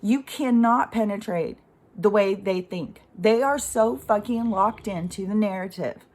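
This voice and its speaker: A woman's voice: medium pitch, unhurried, a little mellow. A middle-aged woman vents in an unscripted vlog rant. She rambles, sighs and swears as she works herself up, with nervous little laughs between thoughts. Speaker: vlogger.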